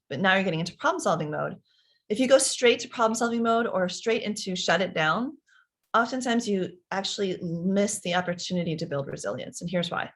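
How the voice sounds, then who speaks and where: A woman's voice: on the low side, moderate pace. A woman in her thirties giving parenting advice in a conversational way, acting out little dialogues between parent and child. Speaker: parenting expert. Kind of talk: advice talk answering parents' questions.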